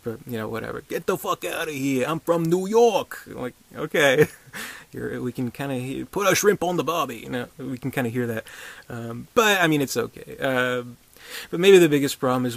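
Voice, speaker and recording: A man's voice: medium pitch, a bit bright, dry recording. Rambling man reviewing a film, dry sound. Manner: rambling, many restarts, chuckling asides; profane, sarcastic. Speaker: movie reviewer. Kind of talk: casual spoken movie review.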